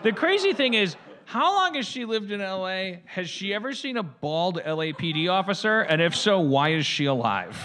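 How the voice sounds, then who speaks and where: A man on a comedy podcast, riffing with quick jokey asides. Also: high-pitched, very animated, pushed and bright. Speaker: podcast co-host. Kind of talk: comic banter.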